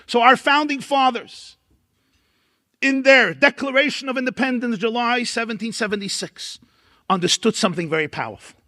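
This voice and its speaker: A rabbi with a Brooklyn accent delivers a keynote lecture at an event hall. His voice sits high for a man, and he speaks in dramatic oratory, building emphatic repeated lists. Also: normal speed, pushed and bright. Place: large event hall at a dinner.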